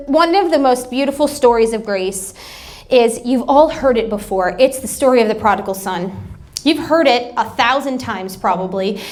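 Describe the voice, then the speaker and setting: A woman pastor giving a sermon, telling humorous family stories in a chatty way. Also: sits high. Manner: chatty, humorous anecdotes with acted-out quotes. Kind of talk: sermon storytelling.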